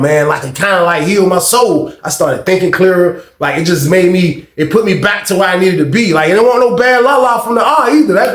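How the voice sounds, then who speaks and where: Gravelly high-pitched man telling a story. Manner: animated, slangy, jumps into acted voices. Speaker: storyteller recounting prison life. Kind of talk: casual storytime monologue. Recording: echoey room.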